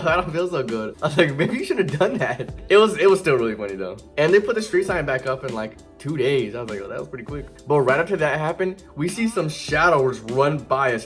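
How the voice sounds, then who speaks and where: A young man casually telling a story from his teens, animated, often jumping into loud high-pitched voices when he quotes people.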